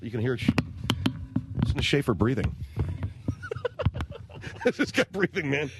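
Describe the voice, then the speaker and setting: A man's voice: mid-range voice, sing-song, fairly quick, gravelly, heavy background noise. A man hosting a radio talk show, delivering a rambling, exasperated comedic monologue on a studio mic.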